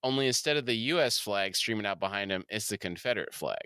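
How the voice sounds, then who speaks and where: Bright, clear-voiced male podcast host. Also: on the low side, expressive, quick pace, no room sound, clean studio sound. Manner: narrates scenes, laughs easily. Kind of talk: casual recap of a TV episode.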